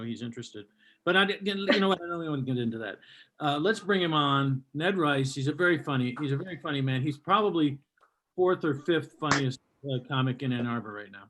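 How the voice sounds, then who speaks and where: A man's voice: medium pitch, fairly bright tone. A man hosting a live-streamed comedy show, introducing a comic with rambling, hesitant banter.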